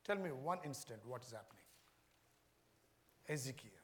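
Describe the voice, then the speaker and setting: A man's voice: mid-range voice, lively intonation, moderate pace, fairly bright tone. A man preaching a sermon, repeating his questions to the congregation. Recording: echoey hall reverb.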